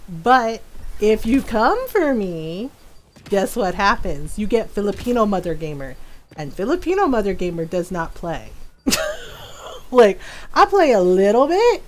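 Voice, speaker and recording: A woman's voice: mid-range voice, a little slow. A middle-aged woman streaming a game, telling stories in a casual, laughing, playfully petty way. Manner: laughing, petty, animated storytelling. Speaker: livestreamer.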